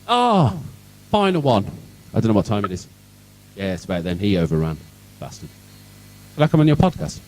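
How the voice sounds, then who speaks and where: A man's voice: sits low, big pitch swings, fairly quick, long pauses, mellow, far from the mic, low-quality recording. Sweary sarcastic man with a Birmingham accent. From England, Birmingham. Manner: irreverent, sarcastic, swears freely. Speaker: conference speaker. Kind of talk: sweary comic tech talk. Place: event hall.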